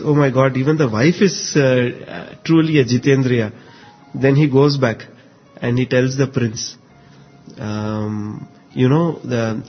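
A man retelling a spiritual parable in casual talk, often chuckling and pausing with fillers as he goes. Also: mid-range voice, slightly rough. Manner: chuckles often while telling, many fillers. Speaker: storyteller. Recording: dull lo-fi recording with faint music.

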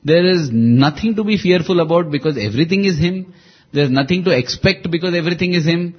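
Husky earnest man telling a devotional story. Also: on the high side, brisk, lo-fi sound. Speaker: devotional speaker.

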